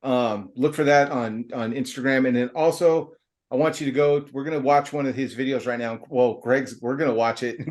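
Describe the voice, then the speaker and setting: A middle-aged man hosting a podcast, chatting casually and telling a rambling story full of fillers and slang. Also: mid-range voice. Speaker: podcast host.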